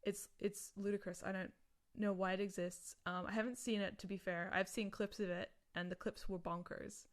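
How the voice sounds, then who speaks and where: A woman's voice: medium pitch, level tone, moderate pace. A woman in casual podcast chat about a film, rambling with many restarts and asides.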